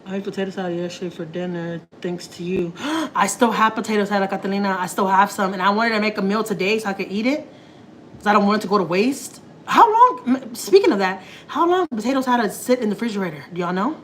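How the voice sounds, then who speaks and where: A chatty Texan woman talks loosely to her viewers as she cooks in her kitchen, full of slang and laughing asides. Her voice is mid-pitched and unforced, picked up by a phone camera. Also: expressive, fast talker, slight background noise, poor audio. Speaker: family vlogger. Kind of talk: casual live cooking chat. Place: home kitchen.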